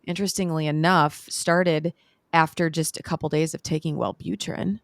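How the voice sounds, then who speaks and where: A woman hosting a podcast interview, calmly summarizing what her guest has described. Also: low voice, moderate pace, no echo, studio quality. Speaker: podcast host. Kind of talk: interview questions.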